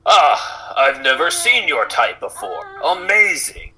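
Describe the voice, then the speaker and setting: Brief: a man doing a skittish old village man with a cane, stammering apologies in a high, quavering voice. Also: sing-song, slow pace, bright, forceful tone, husky, exaggerated voice, low-quality recording. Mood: flustered. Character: timid frail old male villager with a cane.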